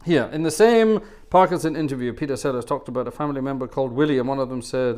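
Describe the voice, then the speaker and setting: A man's voice: medium pitch, fast, hardly any pauses, a little mellow. A man from Scotland, hosting an organ livestream, chatting casually and telling anecdotes while reading viewer comments.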